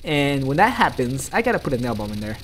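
Brief: man, let's-play commentator, lively swooping pitch, jumpy and chatty. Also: quick pace, slight background noise. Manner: excitable, chatty, yelps and laughs at the game; talks directly to viewers. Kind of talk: gameplay commentary.

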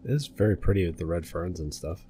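A man's voice: sits low, warm tone, a little hiss or hum. A man co-hosting a let's-play, joking around and guessing at the story as he plays. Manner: jokey, quick to guess and tease. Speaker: gaming channel co-host. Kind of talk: casual let's-play commentary.

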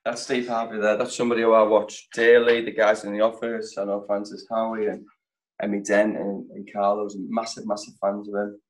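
A man's voice: on the low side, little pitch movement, fairly quick, rough recording. A man hosting a sales training session, chatty and direct, with a jokey motivational tone.

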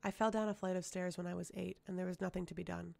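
A woman voicing a timid young servant girl who speaks meekly and softly, faltering at times, in an audiobook reading. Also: lowish voice, fairly even intonation, quick pace, gravelly. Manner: meek, soft, faltering.

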